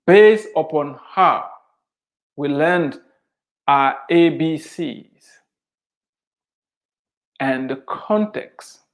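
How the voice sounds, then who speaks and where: Slow, emphatic man. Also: on the high side. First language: Mundani. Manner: emphatic, preachy, repeats key points. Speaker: author giving advice to immigrants. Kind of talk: earnest motivational talk.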